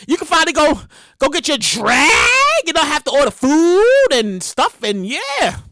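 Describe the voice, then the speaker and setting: A woman hosting a casual solo podcast, loud, profane and laughing often. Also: high-pitched, big pitch swings, normal speed, no echo, studio quality. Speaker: podcast host.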